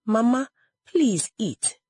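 A woman voicing a gentle devoted daughter. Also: on the high side, big pitch swings, slow, breathy edge, no room sound, clean studio sound, pitched above the performer's own voice, exaggerated voice. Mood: tender. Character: gentle devoted young woman caring for her mother.

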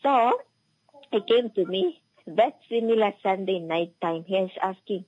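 A woman's voice: mid-range voice, measured pace, breathy edge, no room sound. A young woman telling a family story in casual chat, acting out what people said. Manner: relaxed, acts out quoted dialogue. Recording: slightly dull, lo-fi audio.

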